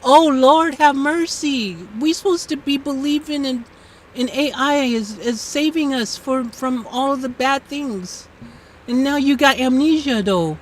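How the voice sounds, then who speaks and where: Her voice sits high and moves a little slowly as this American livestream host banters with an AI assistant. She pleads, repeats herself, and breaks into laughter, all animated and casual. The mic is distant, with slight background noise and a rough recording.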